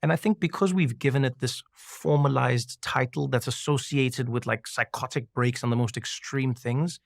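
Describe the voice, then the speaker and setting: Podcast guest, man, lively storyteller, dry close mic. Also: mid-range voice, moderate pace, gravelly, dry recording. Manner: animated storyteller, acts out quoted voices. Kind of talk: casual conversation.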